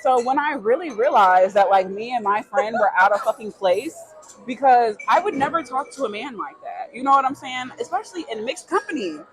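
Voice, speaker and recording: Animated young woman telling stories. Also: a little high, normal speed, crowd noise, low-quality recording. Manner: animated storyteller, swears freely, acts out quoted people. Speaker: podcast co-host. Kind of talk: casual chat.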